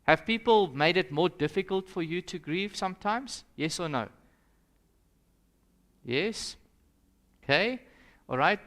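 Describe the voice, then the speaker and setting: A man's voice: high voice, lively intonation, unhurried, pauses often, a bit bright. A young South African man, a pastor, leading an interactive Sabbath school lesson and putting questions to the audience in a conversational way. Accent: South African English.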